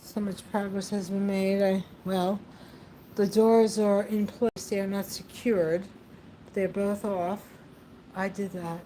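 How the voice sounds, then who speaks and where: A woman's voice: mid-range voice, little pitch movement, slow pace, warm tone, a little hiss or hum, rough recording. Woman, casual vlogger; rambling and laughing, mid-range voice. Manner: rambling, laughs often, talks to her pet. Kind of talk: casual chat to camera.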